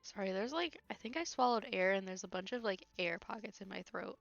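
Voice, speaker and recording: A woman's voice: mid-range voice, animated, a little fast, gravelly, no echo, muffled recording, faint music behind. A woman casually commenting on a video game she plays, teasing and wry, laughing often. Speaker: game streamer. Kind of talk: casual let's-play commentary.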